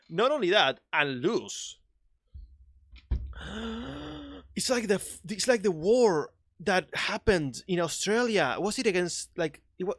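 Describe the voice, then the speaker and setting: A man with a non-native English accent streaming a video game, chatting excitably, laughing and swearing often. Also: fairly high pitch, dry recording, studio quality. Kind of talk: casual live-stream chat.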